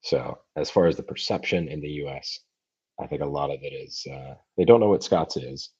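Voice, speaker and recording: A very deep-voiced American man chats through viewer questions on his livestream, thinking aloud with plenty of ums and restarts. His voice is dark and a little husky. The stream audio sounds dull and muffled. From United States. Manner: thoughtful, halting, many fillers and restarts. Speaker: language-learning channel host. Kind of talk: livestream Q&A chat. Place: home, streaming live. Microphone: computer mic for a livestream.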